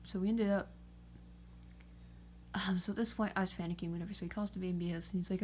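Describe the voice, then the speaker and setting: A woman's voice: mid-range voice, fairly even intonation, fast, pauses often, dark tone, slight background noise. A young woman from the Pittsburgh area telling a story in a casual, rambling way, full of fillers and swearing. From greater Pittsburgh area. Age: young adult. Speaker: vlogger.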